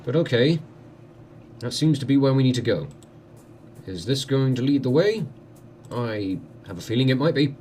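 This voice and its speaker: A man's voice: medium pitch, animated, moderate pace, a little mellow, a little hiss or hum. A man, commenting on a game he plays with wry, joking asides. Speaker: let's play host.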